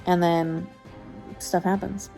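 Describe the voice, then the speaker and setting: A woman's voice: fairly low pitch, level tone, slow pace, gravelly, mellow, faint music behind. A young adult woman chatting casually to camera as a book vlogger, tired, laughing often and retelling loosely with restarts. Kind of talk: casual vlog chat to camera.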